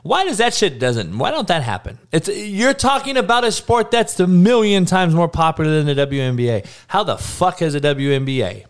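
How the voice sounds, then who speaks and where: On a live podcast, a male host rants bluntly with constant profanity, repeating lines for emphasis and calling out listeners by name. His voice is fairly high with big pitch swings, and he speaks at a moderate pace with few pauses.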